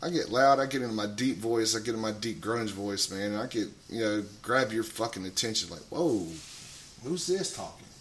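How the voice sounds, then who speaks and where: A man talking casually on a radio show, rambling, swearing a lot and getting loud. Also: fairly low pitch, fairly even intonation, brisk, few pauses, a little hiss or hum.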